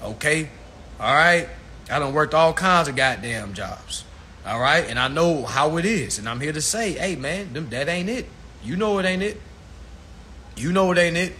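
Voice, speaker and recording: Male livestream ranter, preachy and profane, bright tone, faint room hiss. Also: on the high side, animated, moderate pace. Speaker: livestream host. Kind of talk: ranting casual livestream monologue. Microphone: phone livestream.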